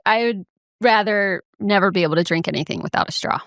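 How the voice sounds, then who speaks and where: A woman's voice: medium pitch, quick pace, a bit bright, no echo. A young woman co-hosting a podcast in a mid-range voice. She chats easily and explains with enthusiasm. The recording is dry and close to the mic. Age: young adult. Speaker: podcast co-host. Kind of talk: casual chat.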